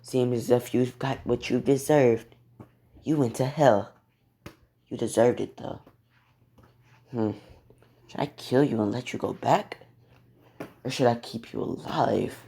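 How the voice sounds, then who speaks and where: Brief: cold, all-powerful teen boy, played by a man, soft and mocking, unhurried. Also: mid-range voice, creaky, breathy edge. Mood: menacing calm.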